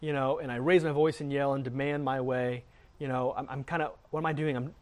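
A man's voice: medium pitch, steady tone, fairly quick. A middle-aged man teaching earnestly on faith, often repeating words as he speaks. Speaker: Christian teacher.

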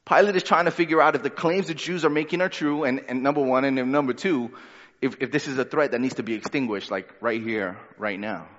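A man's voice: medium pitch, steady tone, brisk, fairly bright tone. A man preaching a sermon as pastor, reading scripture and then retelling it in casual, conversational words. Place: church sanctuary. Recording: dull sound with long hall reverb.

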